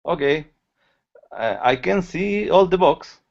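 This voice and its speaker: Gravelly, halting male student reader. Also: fairly high pitch, lively intonation, highs cut off, a crowd in the background. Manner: hesitant, halting reading. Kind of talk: reading aloud in a lesson.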